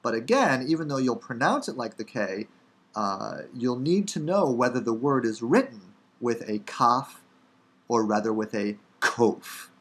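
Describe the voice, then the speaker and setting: A man's voice: mid-range voice, expressive, a little slow. A man with a Chicago accent teaching the Hebrew alphabet in a casual, wry lecture with frequent fillers. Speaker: Hebrew instructor. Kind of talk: recorded lecture.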